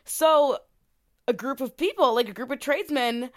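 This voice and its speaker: A woman's voice: high-pitched, normal speed, no room sound, clean studio sound. A young woman co-hosting a podcast, telling a story in a casual, swearing, filler-heavy way and reading quotes aloud. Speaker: podcast co-host.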